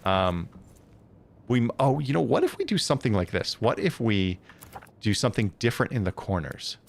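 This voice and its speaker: A man's voice: on the low side, sing-song, normal speed, gravelly. A man live-streaming a building game, chatting casually and thinking aloud with many hesitant self-corrections.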